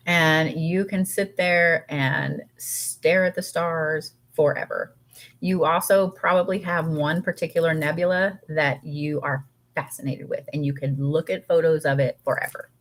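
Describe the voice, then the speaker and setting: A woman's voice: sits low, fairly even intonation, unhurried. A woman co-hosting a casual spiritual live stream, chatty and rambling with many fillers, tired and eating as she talks. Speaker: co-host.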